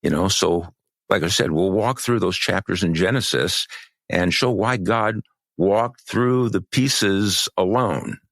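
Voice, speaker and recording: A man co-hosting a podcast, talking in a measured, halting way with many restarts, and losing his voice. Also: low-pitched, gravelly, a bit bright, dry recording. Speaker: podcast co-host. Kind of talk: podcast conversation.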